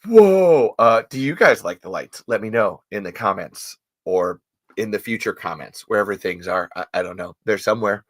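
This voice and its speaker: A man's voice: on the low side, fairly quick, a bit bright. A young man hosting a casual podcast chat, playful and goofy, swearing freely and breaking into silly bits. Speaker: podcast host.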